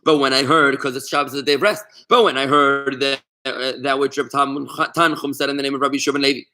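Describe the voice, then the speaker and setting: This is a middle-aged man, a rabbi, teaching Talmud in a relaxed online class. His voice sits at an ordinary pitch. He tells stories with animated energy and often restarts his sentences. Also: fast. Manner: animated storyteller, warm asides, many restarts. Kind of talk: casual online Torah class.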